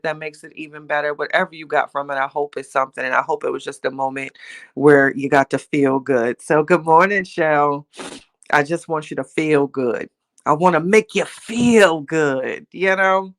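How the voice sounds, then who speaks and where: A woman's voice: deep voice, a bit bright. Chatty laughing older woman livestreaming. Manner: chatty, laughs often, talks straight to viewers; playful, teasing, self-mocking. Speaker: livestream host. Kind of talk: casual motivational livestream chat.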